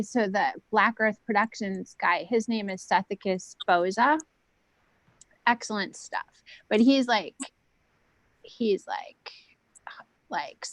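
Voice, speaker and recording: A woman's voice: medium pitch, no room sound, low-quality recording. Rambling woman on a dry call mic. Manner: rambling, lots of "like" and "um", drops to a hush at times. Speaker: guest. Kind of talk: casual video call chat. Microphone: video call.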